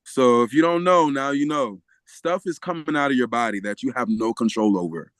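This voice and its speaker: A man telling a story as a podcast guest, animated and often laughing, acting out the voices of the people in it. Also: medium pitch, a little fast, dry recording. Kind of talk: storytelling in a casual interview.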